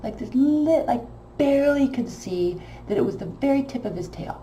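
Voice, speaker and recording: A woman casually telling a long personal story, emotional and animated, with many fillers. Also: sits high, moderate pace, echoey room, a little hiss or hum. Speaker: tarot channel host.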